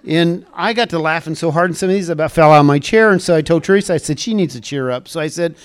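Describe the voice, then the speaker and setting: A man's voice: fairly high pitch, fast talker, smooth. An older man speaking to a church group in a casual, rambling storytelling way, chuckling at his own puns.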